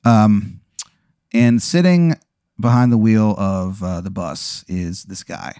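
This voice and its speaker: A man's voice: fairly low pitch, takes it slowly, warm tone, no echo, studio quality. A man hosting a podcast, improvising a rambling comedic story with many fillers and restarts. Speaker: podcast host.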